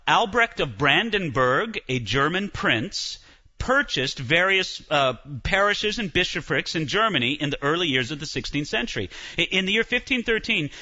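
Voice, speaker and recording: Man, lecturer, high lively voice, animated storytelling, lo-fi sound. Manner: animated storytelling, acting out quotes with restarts. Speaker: church history lecturer.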